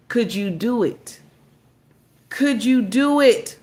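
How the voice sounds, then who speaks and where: A woman's voice: a little high, very slow, long pauses, darkish tone. A woman hosting a live stream, talking casually and emphatically to her chat, repeating phrases and greeting viewers by name. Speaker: livestream commentator.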